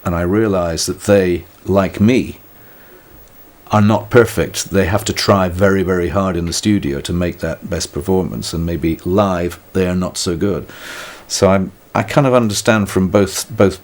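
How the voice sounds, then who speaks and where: A little slow and low-voiced, an older British musician reflects during a conversational interview. He speaks thoughtfully and wryly at his own expense, often breaking off to restart sentences.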